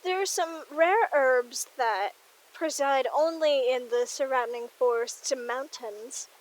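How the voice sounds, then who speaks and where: A woman voicing a frail, polite woman who asks for help, speaking slowly and formally. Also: high voice, poor audio.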